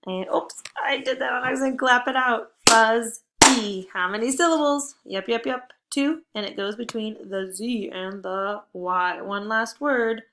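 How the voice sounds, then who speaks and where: A young woman teacher leading a phonics lesson for young children, upbeat and encouraging, with clear drilled prompts. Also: a little high, moderate pace, few pauses, heavy background noise.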